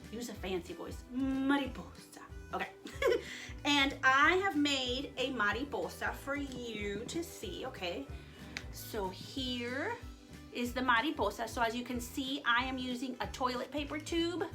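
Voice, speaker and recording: Bright, high-voiced woman teaching children. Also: lively intonation, moderate pace, soft background music. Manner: playful and chatty, jokes and laughs, mixes in Spanish words. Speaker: Spanish teacher for young children. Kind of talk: friendly online lesson for children.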